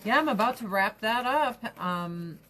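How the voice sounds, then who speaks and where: Slow-talking chatty woman vlogger. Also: fairly high pitch, expressive, fairly bright tone, slight background noise. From United States. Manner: rambling, chatty, swears casually. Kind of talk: casual chat to camera.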